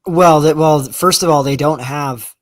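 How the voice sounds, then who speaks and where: A man's voice: a little high, dry recording, studio quality. A man in a casual live-stream talk, laying out his reasoning step by step with frequent fillers. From Canada. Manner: measured, explains step by step with many fillers and restarts.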